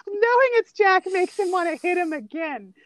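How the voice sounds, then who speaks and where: Co-host, woman, high voice, dry close sound, giggly and enthusiastic. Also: expressive, normal speed, no echo, rough recording. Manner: giggly, enthusiastic retelling of scenes. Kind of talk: casual chat about a favorite movie.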